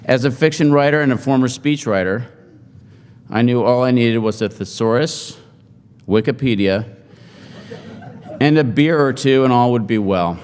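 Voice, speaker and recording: A middle-aged man giving a humorous after-dinner speech, joking in a deadpan, self-mocking way to an audience in a large hall. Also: mid-range voice, normal speed, long pauses, a little hiss or hum. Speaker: speaker at a forum. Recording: hall reverb.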